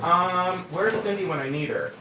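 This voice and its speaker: A man hosting a live jewelry sale stream, chatting excitedly, joking and laughing with viewers. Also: high voice, normal speed, noisy background. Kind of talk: casual live-stream sales chat.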